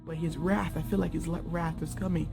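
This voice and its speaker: A woman's voice: low voice, level tone, brisk, vocal fry. Chatty woman recounting a dream. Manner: informal, chatty, lots of fillers. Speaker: dreamer sharing a testimony. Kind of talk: casual storytelling of a dream. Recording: music playing behind.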